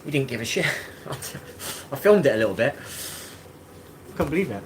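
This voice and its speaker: A man's voice: medium pitch, big pitch swings, normal speed, slight background noise. A man hosting a live stream in casual chat, rambling, swearing and greeting viewers by name.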